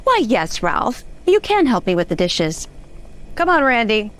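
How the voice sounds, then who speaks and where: A woman's voice: on the high side, big pitch swings, unhurried. A woman playing a sly mother in a comedic fan audio drama, breezily denying everything. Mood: motherly. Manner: coy, breezy denials. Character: sly, unbothered 1940s-style mother.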